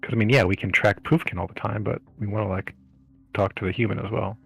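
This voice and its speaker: A man's voice: fairly low pitch, fairly even intonation, fast talker, creaky, slightly rough, low-quality recording. A man playing a tabletop game, chatting casually and rambling, repeating himself as he thinks aloud. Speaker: player.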